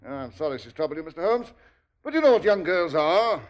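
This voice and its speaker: A man's voice: fairly high pitch, very animated, fast. A stammering, cringing stepfather. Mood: wheedling. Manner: stammering, wheedling. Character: sly cowardly middle-aged stepfather, blustering then cringing. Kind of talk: 1940s radio acting. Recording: dull old radio recording.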